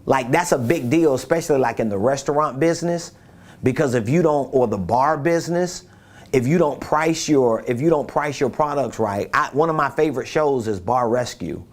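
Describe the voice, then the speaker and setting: A man's voice: mid-range voice, normal speed. A man giving a business coaching talk, emphatic and repeating his key points, who acts out quotes in different voices.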